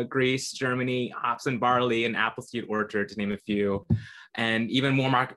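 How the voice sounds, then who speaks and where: A man's voice: mid-range voice, a bit bright. A man from Orlando co-hosting a podcast, reading park news with enthusiasm and easy laughter. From Orlando, Florida. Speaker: podcast co-host. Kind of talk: casual podcast news chat.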